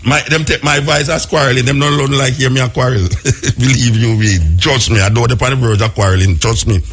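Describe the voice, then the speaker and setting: A Jamaican man hosting a call-in radio show, talking with animated, argumentative energy at a raised pitch. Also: a little fast, a little hiss or hum. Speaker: radio talk show host. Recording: radio broadcast.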